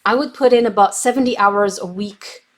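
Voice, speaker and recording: A woman's voice: medium pitch, normal speed, slight background noise. A young adult woman casually chatting on a craft livestream, reading viewer comments while testing markers, with a slight cough from bronchitis. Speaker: craft YouTuber reading live chat.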